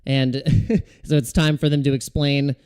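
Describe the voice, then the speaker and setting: A man hosting a crypto livestream, chatting casually with viewers in a relaxed, rambling way and chuckling often. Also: on the high side, unhurried, clean tone.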